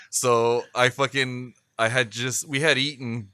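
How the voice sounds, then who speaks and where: A man's voice: mid-range voice, takes it slowly, pushed and bright. A man co-hosting a podcast, telling a rambling, profane story and laughing often. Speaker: podcast co-host. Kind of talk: casual chat.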